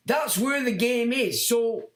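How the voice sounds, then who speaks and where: Middle-aged man hosting a livestream, blunt and mocking, high-pitched, roomy echo. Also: slow. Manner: blunt, animated, mocks whiners in put-on voices. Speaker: livestream host reading chat comments. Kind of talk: casual livestream monologue.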